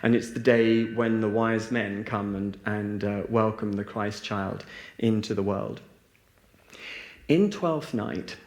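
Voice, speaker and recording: A man leading a reflective spiritual talk and group meditation for a live audience, with many fillers and restarts. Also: lowish voice. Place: large hall with a live audience. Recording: roomy echo.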